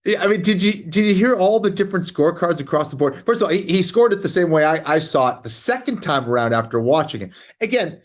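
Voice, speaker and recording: High-pitched emphatic male co-host. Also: lively intonation, fast talker, hardly any pauses. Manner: emphatic, repeats for stress. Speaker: podcast co-host. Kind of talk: casual chat.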